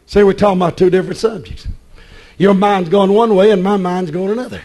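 Preacher guy, real high voice, hollering his sermon in that preaching rhythm. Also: fairly even intonation, brisk, poor audio. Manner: shouting, preaching cadence. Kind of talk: fiery sermon.

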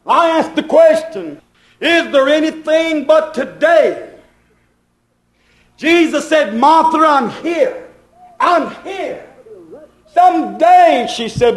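High-pitched guy preaching, keeps repeating his questions, lots of room echo. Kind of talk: sermon.

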